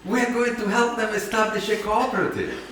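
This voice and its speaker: A man with an Italian accent telling an animated, self-mocking story as a keynote speaker. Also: high-pitched, a little fast, recorded from a distance, slight background noise. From Italy. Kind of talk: storytelling talk. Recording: echoey hall, mic from afar.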